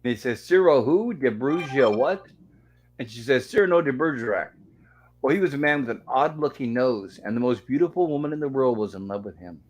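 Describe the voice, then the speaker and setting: With a medium-pitched, expressive voice and a brisk delivery, a male host of a casual online show recaps an old sitcom episode, reading characters' lines in a chatty storytelling fashion. The recording sounds rough.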